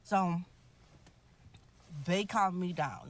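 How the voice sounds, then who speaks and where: A woman's voice: mid-range voice, moderate pace. Woman recounting a shooting she witnessed. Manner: animated retelling, voicing people in her story. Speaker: shooting witness telling her story. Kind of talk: emotional storytelling.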